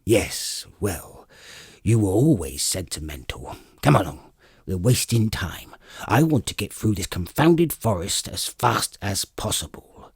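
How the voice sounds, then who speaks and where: A man doing a gruff old dwarf warrior. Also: fairly low pitch, sing-song, unhurried, no echo, studio quality, exaggerated voice. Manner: gruff, grumbling.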